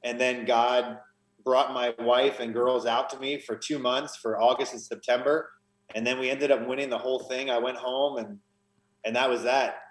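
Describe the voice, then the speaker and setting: A man of middle pitch speaking as a podcast guest, earnest and emotional as he tells his story and often restarts his phrases. His voice carries a noticeable room echo. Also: level tone, normal speed. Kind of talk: conversational testimony.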